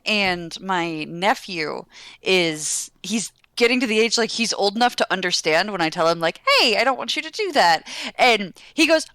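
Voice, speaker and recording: A woman's voice: mid-range voice, lively intonation, normal speed, bright, forceful tone, no room sound. A young adult woman chatting casually on a podcast, laughing as she tells stories. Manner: laughing storyteller. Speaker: podcast co-host. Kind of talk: casual chat.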